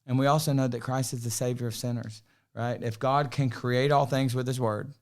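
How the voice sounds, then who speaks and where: A man's voice: mid-range voice, fairly even intonation, brisk. Earnest man preaching on a podcast. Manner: earnest, quotes scripture, frequent "right?". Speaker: student podcast co-host. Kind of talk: preaching-style podcast discussion.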